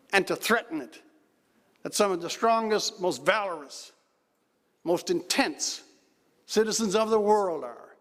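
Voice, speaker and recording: Guy telling dry jokes at a dinner, kinda high voice, big echoey hall. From Newfoundland, Canada. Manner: wry storytelling with dry jokes. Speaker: keynote speaker. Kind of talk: after-dinner speech. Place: large banquet hall. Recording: hall reverb. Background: audience laughter.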